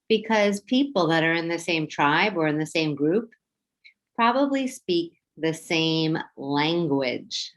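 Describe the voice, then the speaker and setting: A woman teacher with a New York accent leading a children's phonics lesson, slow, clear and encouraging as she sounds words out. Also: low voice.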